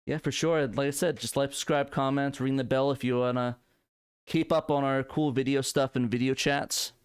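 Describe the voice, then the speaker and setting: A man co-hosting a casual live stream, easily excited and bursting into laughing exclamations. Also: mid-range voice, normal speed, clean tone, no room sound, studio quality. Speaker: podcast co-host.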